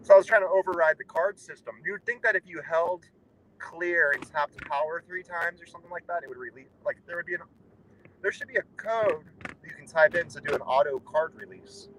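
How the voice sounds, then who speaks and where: A young man with a slightly high voice chats from behind the wheel in a rambling, offhand, wry way. Faint road and engine noise hums underneath him in the car. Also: brisk, a bit bright, rough recording. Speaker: guest on a road trip. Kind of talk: casual chat. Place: inside a car while driving. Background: faint road and vehicle noise.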